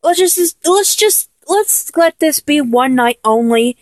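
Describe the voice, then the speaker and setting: A woman's voice: high-pitched, animated, takes it slowly, no room sound. A woman performing a one-sided audio role-play, moving from teasing to tearful, breathless pleading.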